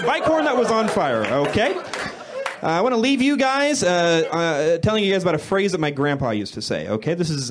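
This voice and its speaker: On a comedy club stage, a young man with a slightly high voice does a stand-up set into a handheld mic, awkward and deadpan, correcting himself and sometimes building into shouted rants. It's a live club recording with crowd laughter and slight background noise.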